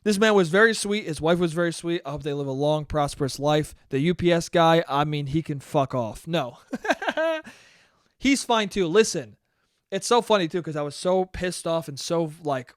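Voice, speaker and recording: A man hosting his own podcast, telling stories in a casual, profane way and often laughing at himself. His voice is fairly high and smooth. The sound is dry and close. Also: moderate pace, no echo. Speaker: podcast host. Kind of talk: casual solo storytelling podcast.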